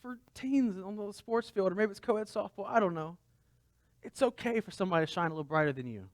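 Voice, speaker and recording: A man's voice: sits high, animated, a little fast, no echo. A man pastor giving a conversational sermon, asking the congregation rhetorical questions.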